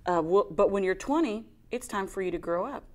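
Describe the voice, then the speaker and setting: A woman co-hosts a casual faith program, telling a personal story. She is animated and self-mocking. She does a whiny crying voice when she quotes her past self. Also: medium pitch, fairly quick. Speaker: co-host sharing a testimony. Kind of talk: casual faith talk show.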